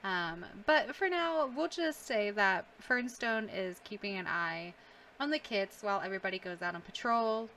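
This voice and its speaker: Bright-voiced young woman reacting emotionally. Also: medium pitch, lively intonation, normal speed, slight background noise. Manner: emotional, reacting aloud with gasps, sighs and laughs. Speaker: gaming YouTuber. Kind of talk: casual let's-play commentary.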